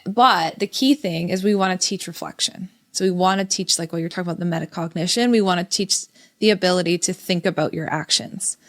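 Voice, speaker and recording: A woman's voice: on the low side, fairly quick. A woman in her thirties co-hosting a parenting podcast, chatting casually and telling family stories with reflective detail. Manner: reflective storytelling, quotes family dialogue. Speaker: podcast co-host.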